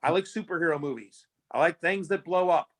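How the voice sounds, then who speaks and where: A man whose voice sits on the high side talks a little fast as a fantasy sports analyst guest in a casual interview. He rambles through animated stories packed with fillers and restarts.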